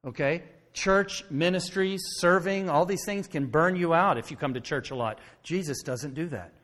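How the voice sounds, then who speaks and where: A man's voice: a little high, normal speed, fairly bright tone. A male pastor giving a conversational sermon, often checking in with "okay?". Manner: conversational preaching, frequent "okay?" check-ins. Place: church sanctuary. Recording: long hall reverb.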